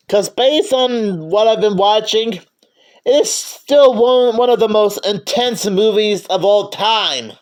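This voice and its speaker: High-voiced man stammering through a review. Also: slow. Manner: stammering, restarts sentences often. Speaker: movie reviewer. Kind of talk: casual movie review.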